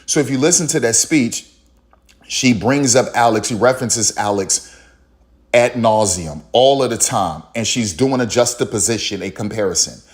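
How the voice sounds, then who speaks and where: A man's voice: mid-range voice, moderate pace. A man delivering heated, opinionated sports commentary, repeating himself for emphasis and acting out what others said. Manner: heated, repetitive, emphatic, acts out others in quotes. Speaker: commentary channel host.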